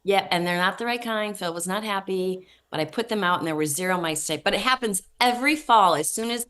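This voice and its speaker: A woman's voice: mid-range voice, fast, a bit bright. A middle-aged woman, a guest chatting and telling amused stories. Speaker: senator, guest. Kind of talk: casual chat.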